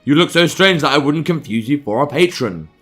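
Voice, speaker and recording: A man reading the lines of a gruff, teasing middle-aged male baker who is a girl's father, in a blunt, mocking way. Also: fairly high pitch, expressive, brisk, fairly bright tone, faint music behind.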